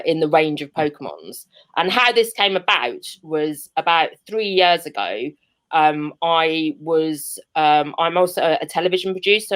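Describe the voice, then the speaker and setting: A young Birmingham woman tells a rambling comic story from home over a video call, fillers and self-mocking laughs all through. Her voice sits on the low side for a woman. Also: fairly bright tone. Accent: Birmingham English. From Birmingham, England. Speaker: stand-up comedian. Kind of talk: online stand-up set. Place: seated at home.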